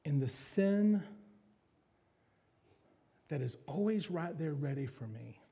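A man preaching a candid, confessional sermon, poking fun at himself. His voice is gravelly and husky, with a mellow, soft tone in a fairly high register. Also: lively intonation, takes it slowly. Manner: candid, confessional, self-deprecating. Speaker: pastor.

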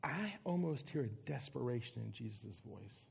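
Gravelly, husky man preaching a sermon. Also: medium pitch, expressive. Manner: earnest, emphatic preaching with dramatic pauses. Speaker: pastor.

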